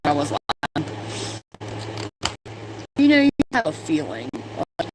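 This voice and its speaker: A woman's voice: sits low, slow. A woman in her twenties telling stories in a casual, profane way while doing her makeup for a vlog. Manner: chatty, profane storytelling. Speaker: vlogger. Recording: steady background noise.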